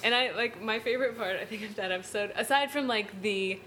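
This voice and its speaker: A woman's voice: medium pitch, brisk, bright, forceful tone, slight background noise. A woman co-hosting a podcast in casual chat, enthusiastic and full of "like" fillers. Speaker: podcast co-host.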